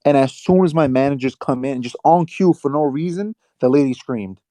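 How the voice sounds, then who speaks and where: A young man with a New York accent telling a rambling, animated work story on a casual podcast, full of slang and swearing. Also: medium pitch, moderate pace, no echo. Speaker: podcast co-host.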